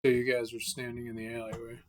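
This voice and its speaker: An offhand game master talks through a horror tabletop session at an ordinary middle pitch, stopping and restarting often and stumbling through fillers. Now and then a casual curse slips in. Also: completely flat delivery, a little mellow. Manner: halting, many fillers, casual swearing.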